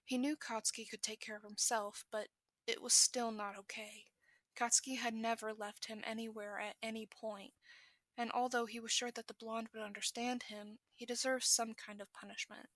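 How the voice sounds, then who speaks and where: A woman's voice: a little high, little pitch movement, fairly bright tone, dry recording. A woman reading a fan fiction story aloud, correcting small slips as she goes. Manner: brisk reading with self-corrections. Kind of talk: podfic narration.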